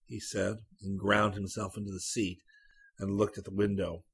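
Husky, low-voiced male story reader. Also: little pitch movement, moderate pace. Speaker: narrator. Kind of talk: literary short story reading.

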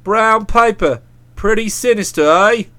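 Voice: mid-range voice, unhurried, a bit bright, pitched below the performer's own voice, natural voice. A reader voicing a self-satisfied young man who talks in a breezy, pompous way. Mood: smug, breezy. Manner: breezy, pompous, pleased with himself. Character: self-satisfied young male writer, jaunty.

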